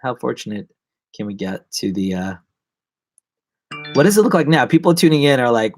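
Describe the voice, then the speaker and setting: A man's voice: medium pitch, big pitch swings, normal speed, vocal fry, long pauses, a little mellow, no room sound. A man chatting loosely on a live stream, jumping between asides and poking fun at himself. He restarts his sentences often and lets thoughts trail off. The sound is dry and close. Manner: rambling, self-mocking, many restarts and asides. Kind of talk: casual live-stream chat.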